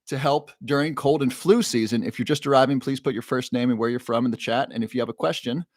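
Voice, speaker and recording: A man's voice: mid-range voice, dry recording. Dry-sounding male live-stream host. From Ohio. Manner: reads viewer names and questions from chat aloud. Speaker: livestream host. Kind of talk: casual live-stream chat.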